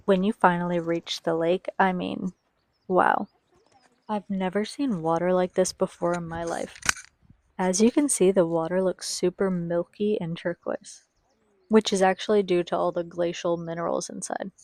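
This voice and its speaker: A woman's voice: lowish voice, fairly even intonation, normal speed, darkish tone, no echo. A young woman giving a chatty, enthusiastic voice-over for a travel vlog and talking straight to her viewers. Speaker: travel vlogger.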